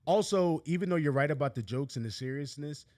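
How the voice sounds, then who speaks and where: Animated, slangy man in casual chat. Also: a little high, a little fast, dry recording, studio quality. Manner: slangy, animated, restarts a lot. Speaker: podcast co-host. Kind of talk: casual movie review chat.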